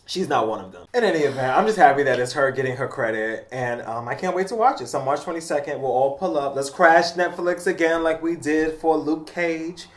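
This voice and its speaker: A woman's voice: low-pitched, fairly quick, hardly any pauses. A woman co-hosting a podcast in casual chat, bantering in a dry, teasing way. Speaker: podcast co-host. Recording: echoey room.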